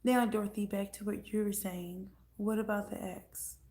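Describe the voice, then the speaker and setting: A woman's voice: mid-range voice, little pitch movement, normal speed, warm tone. Blunt, foul-mouthed woman livestreamer. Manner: blunt, profane, chatty. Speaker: livestream host. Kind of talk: casual livestream chat.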